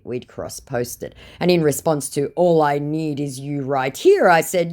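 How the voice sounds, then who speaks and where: A woman's voice: sits low, expressive, measured pace, hardly any pauses, dark tone. A young woman reading out chat messages in a dry, sarcastic comedic narration. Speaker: scambaiter narrating chats.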